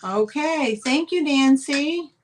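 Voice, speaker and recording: A woman's voice: high-pitched, animated, slow, a little hiss or hum, rough recording. A woman hosting a live online sale, chatting as she describes items for auction.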